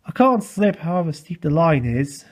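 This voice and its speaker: A man's voice: fairly high pitch, big pitch swings, moderate pace. A man doing a kindly old mountain engine. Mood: friendly. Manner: modest, gentle storytelling.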